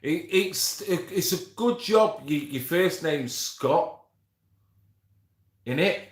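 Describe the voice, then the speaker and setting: Hosting a laid-back livestream, this man banters with his audience, curses, and calls out names from the chat. He talks slowly in a fairly high, lively voice that echoes in a roomy space.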